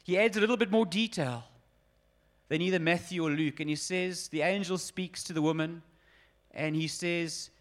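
Pastor, male, forties: fairly high voice, emphatic and earnest, talks straight to the listeners. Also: moderate pace. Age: 40s. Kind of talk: sermon.

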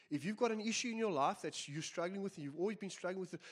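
A man's voice: high voice, quick pace, few pauses. A man preaching a sermon, earnest and emphatic, often repeating his phrases. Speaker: pastor.

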